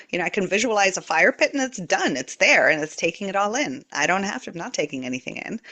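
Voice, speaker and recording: Brief: earnest guest with a bright, forceful tone, explaining calmly. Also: medium pitch, fairly quick, hardly any pauses. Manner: earnest, explanatory, guides visualizations. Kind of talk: casual spiritual chat.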